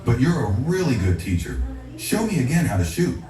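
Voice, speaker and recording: A man voicing a friendly, gently sad young girl who has just moved to town, speaking softly and candidly. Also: medium pitch, sing-song, brisk, a crowd in the background, pitched above the performer's own voice, close to an everyday voice. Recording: echoey, distant, faint music.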